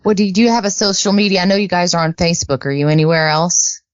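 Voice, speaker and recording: A woman's voice: on the low side, quick pace, no echo. A woman co-hosting a casual podcast, chatty and teasing, laughing easily. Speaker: podcast co-host. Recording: dull lo-fi podcast audio.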